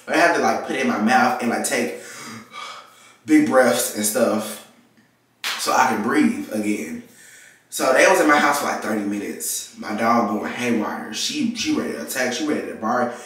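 Young man, bright voice, echoey room. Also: mid-range voice, normal speed, far from the mic. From Texas. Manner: animated storytelling, acting out the people in his story. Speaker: vlogger. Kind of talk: casual story time. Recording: very echoey room, mic set back.

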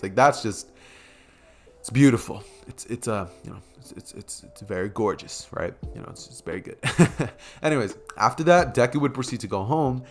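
A young man casually improvising a fan story, rambling with many fillers and chuckling asides, at a desk mic by a keyboard. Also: mid-range voice.

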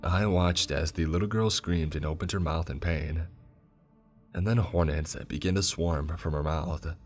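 A man narrating a horror story in a steady, grave tone. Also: very deep voice, a little slow. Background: soft music.

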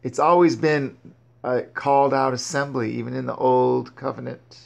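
A man reads Bible verses at a normal speed, interrupting himself to explain and exhort as a Bible teacher. His voice is medium-pitched, steady, and creaky, and he regularly stumbles and restarts.

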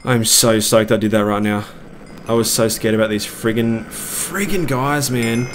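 Excitable man gaming. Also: fairly low pitch, normal speed, slight background noise. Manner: excitable, swings between panic and cheering. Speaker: gaming video creator. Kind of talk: live gameplay commentary.

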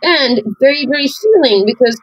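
A woman's voice: high voice, lively intonation, moderate pace, dry recording, poor audio. A woman co-hosting a podcast, talking candidly and reflectively, with many fillers and restarts. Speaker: podcast co-host. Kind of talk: candid conversational chat.

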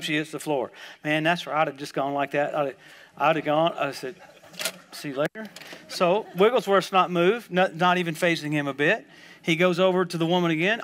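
A man with a somewhat higher-pitched voice preaches at a church service. He tells stories animatedly, sliding from hushed asides into loud, emphatic outbursts. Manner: storytelling, swings from quiet asides to loud emphatic bursts. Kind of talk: sermon.

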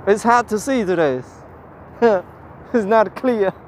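A man's voice: sits high, slow pace, a little hiss or hum. A man hosting a live walking-tour stream outdoors in a city park, chatting cheerfully in simple broken English and thanking viewers by name. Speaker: livestream walking-tour host. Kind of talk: casual live-stream chat.

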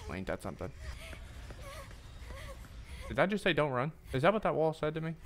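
A young man giving live gameplay commentary, loud, jokey and profane in his reactions. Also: medium pitch, lively intonation, a little fast, long pauses. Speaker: streamer.

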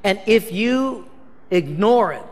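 A man preaching as a pastor, telling a story with animated, self-mocking humor and acting out the dialogue. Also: sits high, takes it slowly. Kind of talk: storytelling sermon. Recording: reverberant hall.

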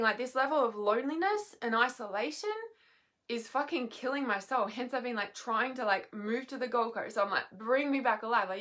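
A woman's voice: a little high, fairly bright tone. A tired, emotionally worn woman, speaking from bed at home in a raw, unscripted monologue. She swears freely and often trails off and restarts. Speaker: healer and mentor vlogger.

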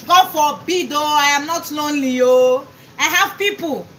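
Give me a chatty Nigerian woman with a high voice who laughs and shouts greetings on a noisy live stream. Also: normal speed. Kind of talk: casual live-stream chat while cooking.

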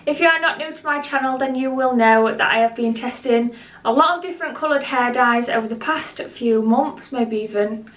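A woman with a fairly high voice chats casually to camera as a beauty vlogger. She rambles a bit and sounds slightly out of breath. The sound bounces around the room, and she sits a little back from the mic. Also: normal speed, a bit bright. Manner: chatty and rambling, speaks straight to viewers. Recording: roomy echo, voice a bit distant from the mic.

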